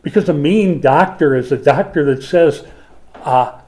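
A man from Minnesota preaching a sermon as a pastor, emphatic and swinging from forceful lines to hushed ones. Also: a little high, unhurried. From Minnesota, USA.

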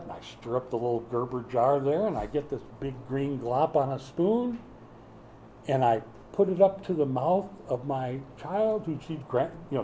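Middle-aged male pastor, sermon delivery, warm mellow tone, storytelling with humor. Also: medium pitch, lively intonation, normal speed, slight background noise, rough recording.

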